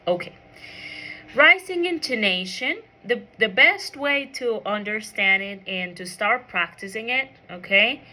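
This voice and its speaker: A woman's voice: medium pitch, pushed and bright. A woman teaching an English pronunciation micro lesson, asking the class questions and checking in with "okay?" after each point.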